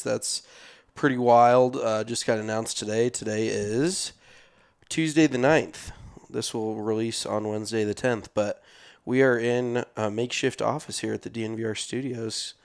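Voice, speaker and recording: A man's voice: mid-range voice, fairly even intonation, unhurried, smooth. A man co-hosting a golf podcast, chatting casually and joking with plenty of fillers from a makeshift studio office. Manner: loose, joking, filler-heavy. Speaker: podcast co-host. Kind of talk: casual chat.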